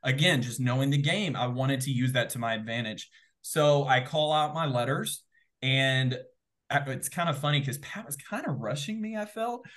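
A man guest telling an excitable, animated story in a casual interview, full of fillers and quick asides. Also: medium pitch. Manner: excitable, animated, rapid filler-heavy retelling. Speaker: guest, former game show contestant.

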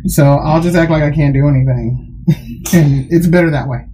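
A woman in casual chat, talking in a relaxed, rambling way with frequent restarts. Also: deep voice, moderate pace, husky, low-quality recording.

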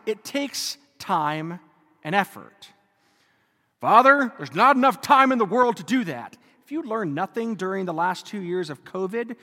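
A man's voice: sits high, fairly bright tone. A man preaching a homily at Mass as a priest, conversational with joking asides. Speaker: Catholic priest. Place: church. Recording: long church reverb.

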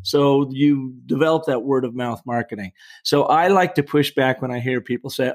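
A man's voice: mid-range voice, normal speed. Emphatic, persuasive middle-aged man. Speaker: storytelling coach and guest. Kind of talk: energetic podcast interview.

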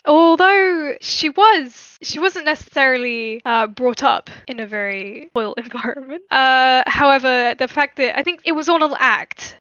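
A young woman with a bright, fairly high voice, sharing her views in a relaxed podcast chat. She is earnest and hedges often with "I think" and "for me". The sound is dull and lo-fi, with a dry, close mic. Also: no room sound. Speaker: podcast co-host. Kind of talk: casual opinion chat.

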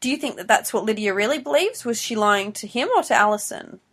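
A woman's voice: a little high, expressive, fast, a bit bright. A woman co-hosting a podcast, analyzing a TV show in casual chat and thinking aloud. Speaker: podcast co-host.

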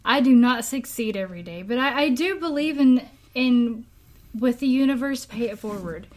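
A woman's voice: on the high side, lively intonation, normal speed, darkish tone. A woman co-hosting a podcast in casual chat, speaking earnestly and chiming in with short remarks. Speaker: podcast co-host.

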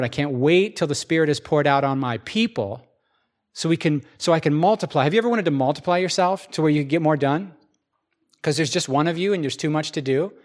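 A man preaching a sermon to a congregation in a conversational way, asking them questions and acting out the words of the people in his stories. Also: on the high side. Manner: conversational, asks the congregation questions, acts out quoted speech.

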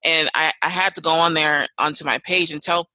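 A podcast host speaking earnestly and expressively, who becomes animated when telling stories. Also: mid-range voice, fairly quick, no echo, low-quality recording. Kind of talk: conversational interview.

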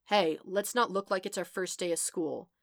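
A woman reads a brash, sly woman investigator in a storybook. Her lines come out blunt and sardonic in a lowish voice. The sound is close and dry. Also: fairly even intonation, moderate pace, vocal fry, no room sound.

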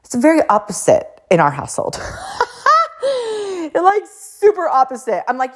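A woman hosting a podcast, telling a story in a blunt, animated way with frequent fillers, casual swearing and acted-out quotes. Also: on the high side, normal speed. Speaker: podcast host and coach.

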